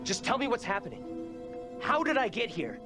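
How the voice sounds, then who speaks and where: A man's voice: very high voice, huge pitch swings, moderate pace, heavily acted. A man playing a wary young modern man who talks in a tense, curt, wry way. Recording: game audio with loud music.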